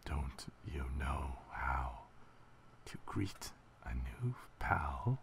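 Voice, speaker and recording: A man voicing a creepy, sneering flower monster from a video game, speaking in a low menacing whisper. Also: sing-song, extremely slow, gravelly, slight background noise, full character voice. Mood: sinister.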